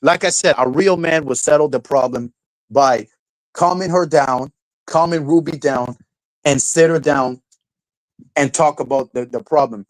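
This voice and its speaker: A young man rants on his live stream, swearing and breaking into a high mocking falsetto to jeer. His voice sits a little high for a man, and it is recorded close and dry with no room sound. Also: a little slow, no echo, poor audio. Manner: ranting, profane, mocking, falsetto mimicry of quotes. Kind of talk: casual live-stream rant.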